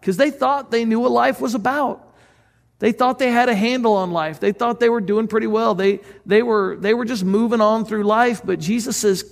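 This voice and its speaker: Pastor guy preaching, kinda high voice, chatty and earnest, long echo in a church hall. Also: moderate pace, gravelly. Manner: conversational, earnest, asks the listeners questions. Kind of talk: sermon.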